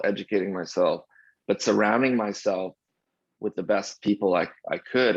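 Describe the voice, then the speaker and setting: Man, podcast guest, gravelly husky voice, animated storytelling, dull dry lo-fi sound. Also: lowish voice, dry recording. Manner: animated anecdotal storyteller, frequent restarts. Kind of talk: casual interview storytelling.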